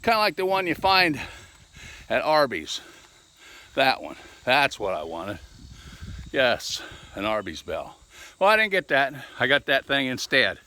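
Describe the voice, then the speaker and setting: A man's voice: mid-range voice, wildly swooping pitch, a little slow, long pauses, bright, forceful tone. A man chatting casually to his camera outdoors in a folksy, joking way. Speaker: hobbyist vlogger. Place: outdoors in the yard.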